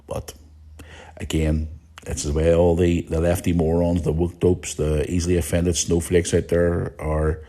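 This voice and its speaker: A man's voice: sits low, little pitch movement, a little slow, dark tone. An Irish man hosting a podcast in a casual chat, reading out listener messages and answering them bluntly, with frequent swearing and chuckles. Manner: blunt and outspoken, swears freely, chuckles often. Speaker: podcast host.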